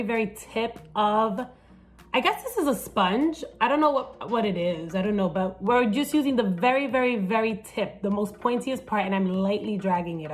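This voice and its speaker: Woman comedian, playful makeup-tutorial talker who swears freely and code-switches into Spanish, light music under. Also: mid-range voice. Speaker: comedian and TV host. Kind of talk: casual makeup tutorial chat.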